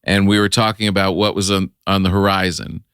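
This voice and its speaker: Middle-aged man, podcast guest, low voice, dry close sound, relaxed and reflective. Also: fairly quick, smooth, no echo. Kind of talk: casual chat.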